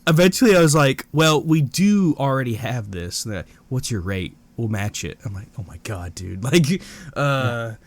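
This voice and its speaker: A young man chatting casually as a podcast co-host, his pitch swinging widely as he tells a story. He laughs often and slips into the voices of the people he quotes, in an easy, rambling way. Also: expressive, normal speed. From Indiana. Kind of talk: casual chat.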